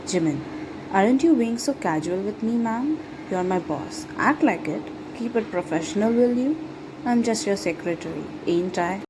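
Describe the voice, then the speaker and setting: Woman doing a sarcastic young male secretary, clipped and annoyed, low-ish, noisy recording. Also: a little slow. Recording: steady background noise.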